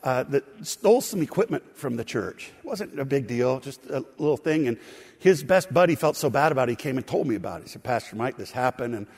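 A man's voice: mid-range voice, expressive, brisk, a little mellow, breathy edge. A pastor preaching a sermon to his congregation, telling stories and throwing asides to the people in the pews. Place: church sanctuary. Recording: long hall reverb.

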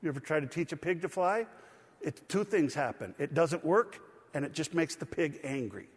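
Animated preaching man in a reverberant church. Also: on the high side, normal speed, husky. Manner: conversational, animated preaching with asides and laughs. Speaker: pastor. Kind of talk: sermon.

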